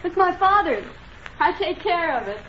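An actress playing a shy young woman who minds a small-town gas station, talking gently and earnestly, in old-time radio acting on a dull old broadcast recording. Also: extremely high pitch, sing-song, normal speed, a little hiss or hum. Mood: gentle.

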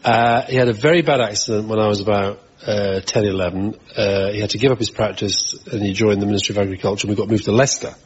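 Middle-aged English guest, raspy and dry, telling anecdotes; muffled sound. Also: male voice, lowish voice, steady tone, fast, few pauses. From England. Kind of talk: casual chat, interview answers.

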